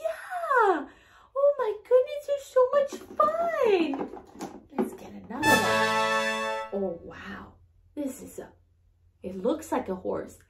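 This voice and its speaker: A woman's voice: very high-pitched, sing-song, slow, reverberant, faint music behind. A woman teaching toddlers in a learning video, with sing-song speech, lavish praise and gasps of wonder. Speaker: toddler teacher and show host.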